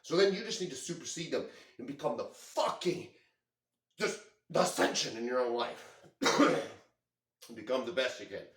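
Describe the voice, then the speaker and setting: A man's voice: mid-range voice, big pitch swings, normal speed, long pauses. A man venting in an intense, profane monologue, leaning heavily on filler words. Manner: heavy use of filler words. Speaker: vlogger. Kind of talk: emotional monologue. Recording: echoey room.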